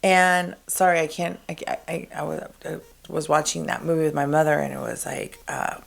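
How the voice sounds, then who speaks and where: Woman co-host, lowish voice, strained from losing it, rambling chat. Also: level tone, moderate pace, gravelly. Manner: rambling, chatty, restarts stories. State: losing her voice. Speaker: show co-host. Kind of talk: casual chat.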